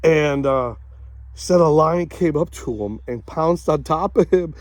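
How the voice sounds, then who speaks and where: A man's voice: a little slow, no echo. Dry-voiced man telling a joke story. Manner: drops low and quiet for the zookeeper's lines, shrieks for punchlines. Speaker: comedian storyteller.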